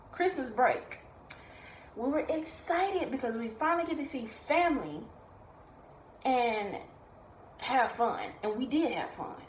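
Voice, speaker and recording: A young woman, casually telling a personal story in a vlog and acting out what others said. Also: a little high. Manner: animated, acts out quoted voices. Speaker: vlogger. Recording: echoey room, faint background noise.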